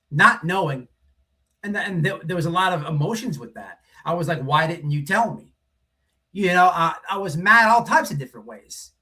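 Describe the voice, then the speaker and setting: Hosting a livestream, a man with a high, sharp-toned voice delivers a blunt, rambling story monologue. It's casual and profanity-heavy, and he repeats himself, frequently asking "right?".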